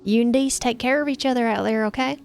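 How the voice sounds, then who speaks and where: A woman's voice: a little high, fast talker, vocal fry, faint music behind, pitched above the performer's own voice. A woman voicing a friendly young woman forager with a Kentucky accent, talking in a breezy way in a story game.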